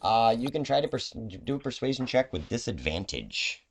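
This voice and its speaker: A man's voice: medium pitch, big pitch swings, moderate pace. A man narrating as game master of a tabletop game, loose and full of fillers.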